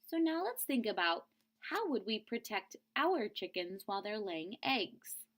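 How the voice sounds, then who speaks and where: A woman's voice: medium pitch, very animated, measured pace, fairly bright tone. A woman teacher reading a picture book aloud to children, expressively and stopping to explain word meanings. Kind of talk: read-aloud storybook lesson.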